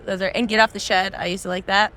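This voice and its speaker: Bright-voiced woman co-hosting a podcast. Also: medium pitch, level tone, fast talker, slight background noise. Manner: chatty, lots of likes and ums. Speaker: podcast co-host. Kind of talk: casual live chat. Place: conference hall floor.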